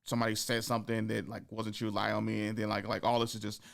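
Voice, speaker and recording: A man hosting a podcast, telling comedy-club stories in a casual, animated way, acting out the people he quotes and laughing often. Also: fairly low pitch, fast talker, gravelly, noisy background. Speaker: podcast host and stand-up comedian. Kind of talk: casual storytelling chat.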